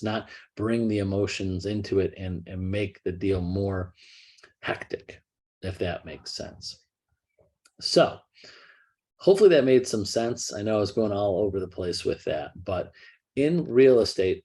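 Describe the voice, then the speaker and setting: Husky, low-voiced middle-aged American man. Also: a little mellow. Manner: rambling, restarts and acts out quotes. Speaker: real estate brokerage leader. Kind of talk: casual talk to agents.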